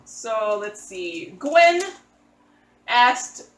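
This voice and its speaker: A woman's voice: fairly high pitch, sing-song, very slow. A woman crafting vlogger chatting casually as she answers viewer comments, often restarting her sentences. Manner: chatty, with frequent restarts and fillers. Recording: echoey room, faint background noise.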